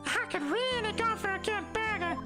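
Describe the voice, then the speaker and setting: A man voicing an excitable young woman in a squeaky falsetto while reading a game's dialogue aloud. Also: moderate pace, faint music behind, heavily acted. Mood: chirpy. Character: chirpy young woman, excitable little sister.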